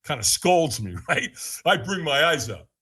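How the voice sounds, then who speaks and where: A man's voice: sing-song, moderate pace, pushed and bright, husky. A man on a podcast, telling his story with frequent laughs and acted-out quotes. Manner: laughs often, acts out quotes in a higher voice. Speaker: podcast guest. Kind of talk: animated storytelling.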